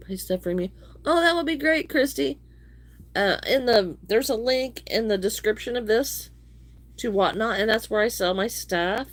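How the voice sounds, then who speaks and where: A middle-aged woman hosts a relaxed crochet livestream. She greets viewers one by one and talks in an unhurried, drawn-out way. Her voice sits a little low and sounds slightly wheezy. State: wheezy from allergies, coughing. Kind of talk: casual livestream chat.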